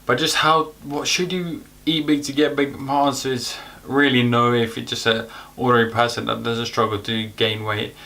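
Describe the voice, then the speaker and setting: A young man talks fitness straight to the camera, loose and slangy, with a bright, forceful edge to his voice. He sounds a bit winded as he rattles through his advice. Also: mid-range voice, moderate pace, vocal fry, few pauses. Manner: energetic, chatty, slangy. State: out of breath. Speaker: fitness youtuber.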